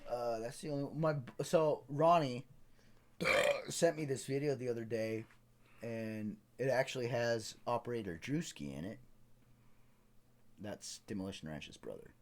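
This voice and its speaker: A man's voice: medium pitch, a little slow, pauses often. A man co-hosting a casual podcast, crude and joking, acting out voices in his stories. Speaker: podcast co-host. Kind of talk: casual chat.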